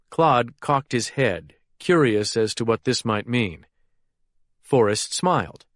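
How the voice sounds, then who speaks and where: A man narrating a thriller audiobook in a steady, even storytelling manner. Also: medium pitch, slow, no room sound, studio quality. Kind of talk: scripted narration.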